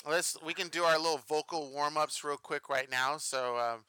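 A man's voice: on the high side, moderate pace, sharp tone, smooth, dry recording. A young man hosting a podcast in casual chat, laughing often and swearing freely. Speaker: podcast host.

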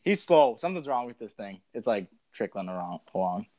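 A man's voice: fairly low pitch, sing-song, a little fast, mellow, no room sound. A man chatting casually on a podcast, distracted and laughing as he talks. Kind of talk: casual chat.

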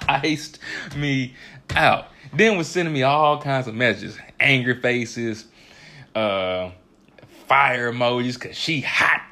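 A man in his thirties tells stories in a casual chat, and his pitch swings widely as he talks. He laughs often as he goes, and his voice has a gravelly edge. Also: takes it slowly. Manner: animated, laughs often while telling stories. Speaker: podcast co-host.

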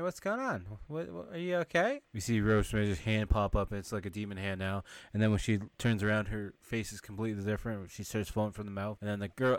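A man's voice: on the low side, no room sound. Man casually recapping a film. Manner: retells scenes with quick put-on character voices and wry asides. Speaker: podcast host reviewing a film.

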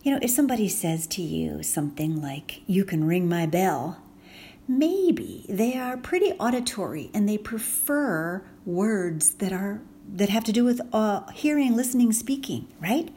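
A chatty middle-aged woman hosts a casual teaching talk, warm and mellow in tone. She laughs easily and acts out little example phrases, with a faint hum of ambience behind her. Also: medium pitch, lively intonation, normal speed, hardly any pauses. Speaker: podcast host.

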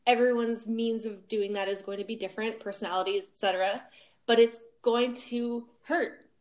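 A woman's voice: a little high, a little mellow. A woman co-hosting a writing podcast, speaking thoughtfully and often restarting her sentences. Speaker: podcast co-host. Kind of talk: casual podcast discussion.

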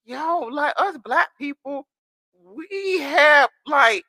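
Bright, dry-sounding young man chatting. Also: extremely high pitch, very slow, no room sound. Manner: animated, rambling, profane. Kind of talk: casual chat.

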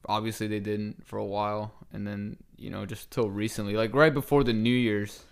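A man's voice: fairly low pitch, little pitch movement, moderate pace, vocal fry, clean tone. A young man co-hosting a casual podcast chat, laid-back, swearing often and laughing a lot. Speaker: podcast co-host.

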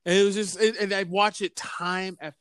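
A man's voice: high voice, little pitch movement, moderate pace, a bit bright, clean tone, dry recording. A man co-hosting a casual podcast, telling a rambling story full of fillers and restarts. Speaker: podcast co-host.

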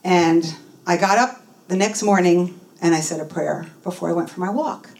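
A woman's voice: on the low side, normal speed, vocal fry. A middle-aged woman telling a personal story in an interview, acting out the people in it with feeling. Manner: animated, acts out the voices in her story. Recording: voice a bit distant from the mic.

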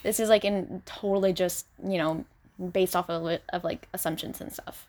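A woman's voice: lowish voice, steady tone, normal speed, a little mellow. A young woman from California co-hosting a podcast, chatting casually and gushing with lots of "like". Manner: gushing, fillers of "like". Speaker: podcast co-host. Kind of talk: casual chat.

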